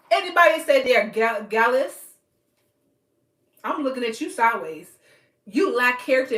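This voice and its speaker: A woman's voice: fairly high pitch, a bit bright. A woman hosting a podcast, talking bluntly and emphatically in casual commentary, lecturing her listeners. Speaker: podcast host. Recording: echoey room.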